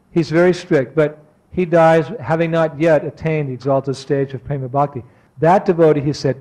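A man giving a devotional lecture, telling a personal story with animation and acting out remembered exchanges, slowing and softening on reflective points. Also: medium pitch, low-quality recording. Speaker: spiritual teacher giving a talk.

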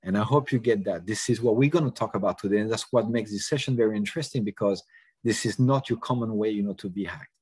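Husky low-voiced man telling a story. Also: fast talker, a little mellow, dry recording, poor audio. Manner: casual, frequent "you know" fillers, acts out dialogue. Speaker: cybersecurity presenter. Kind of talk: anecdotal lecture storytelling.

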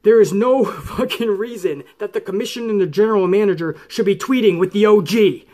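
A man hosting a wrestling commentary show, ranting angrily and swearing a lot. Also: sits high. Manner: angry, swearing, mocks referees in put-on voices.

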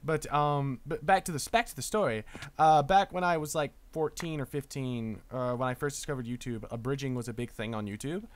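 A man's voice: medium pitch, fairly quick, dry recording. A man in his twenties, a streamer and voice actor, chatting casually during a live-streamed game, stammering and restarting his sentences.

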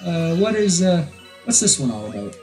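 Excitable gaming co-host, animated voice. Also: male voice, fairly high pitch, moderate pace, soft background music, low-quality recording. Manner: excitable, swearing, laughing banter. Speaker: let's play co-host. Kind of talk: casual gaming commentary.

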